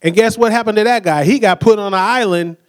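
A man's voice: high voice, quick pace. A young man preaching a sermon with energy, acting out quoted voices and asking the crowd to say words back.

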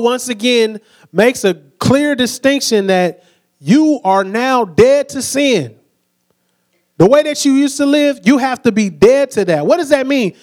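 A young male preacher delivers an animated sermon in a high, bright voice. He acts out the people he quotes and keeps asking the congregation to repeat words after him. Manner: energetic, acts out quoted voices, asks the crowd to answer back.

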